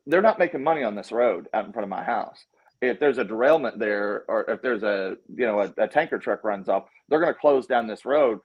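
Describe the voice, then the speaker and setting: A man's voice: fairly low pitch, brisk, slightly rough, highs cut off. A man with a Southern US accent, a documentary filmmaker talking casually as a guest, telling stories and acting out quotes with lots of restarts. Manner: animated storyteller, acts out quotes, frequent restarts. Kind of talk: casual conversation.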